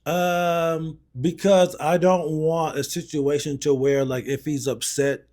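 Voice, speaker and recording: A man's voice: a little high, level tone, takes it slowly, a little mellow. A man in his thirties co-hosting a podcast, telling family stories in an easygoing, reflective way. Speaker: podcast co-host. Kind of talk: casual podcast chat.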